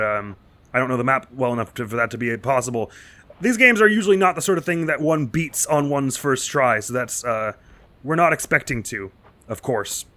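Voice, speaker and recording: Male let's-play host, bright tone, rambling nervous horror commentary, panicky mumbles under stress. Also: medium pitch. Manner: rambling and self-mocking, jittery with nervous asides. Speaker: gaming channel host.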